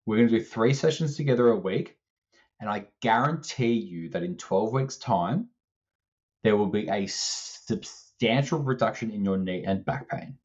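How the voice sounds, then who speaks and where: A man co-hosting a casual podcast, telling an animated story and acting out both sides of the conversation, swearing now and then. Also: lowish voice, moderate pace, highs cut off. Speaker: strength coach co-host.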